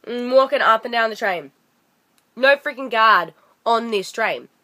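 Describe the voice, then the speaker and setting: A young woman vlogging a ranting story, exasperated and animated, acting out what others said. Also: a little high, unhurried. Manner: animated, exasperated, acts out quoted voices.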